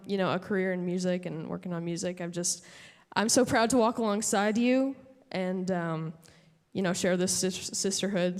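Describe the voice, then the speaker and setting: Woman thanking folks at an awards show, lots of ums and restarts, big echoey hall. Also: medium pitch. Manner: halting, many fillers and restarts. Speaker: award winner giving acceptance speech. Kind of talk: emotional acceptance speech. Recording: long hall reverb.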